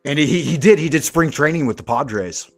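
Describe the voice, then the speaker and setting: A man's voice: fairly high pitch, brisk, soft background music. Profane storytelling man. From Southern California. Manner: rambling, profane, animated anecdotes. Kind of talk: casual conversational storytelling.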